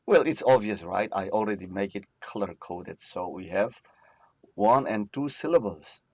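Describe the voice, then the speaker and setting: A man's voice: on the low side, lively intonation, vocal fry, a little mellow, no room sound. A man teaching a recorded lesson, patiently asking questions and answering them himself. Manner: slow, patient, asks and answers own questions. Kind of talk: recorded lecture. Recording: dry, muffled lo-fi voice recording.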